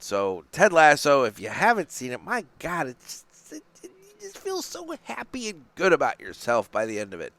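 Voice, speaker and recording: A man's voice: on the low side, clear, resonant tone, no room sound. A man hosting a cigar podcast in casual chat, rambling, swearing and restarting his sentences as he talks about what he has been watching. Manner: rambling, profane, animated, many restarts. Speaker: podcast host. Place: small studio. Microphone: studio microphone.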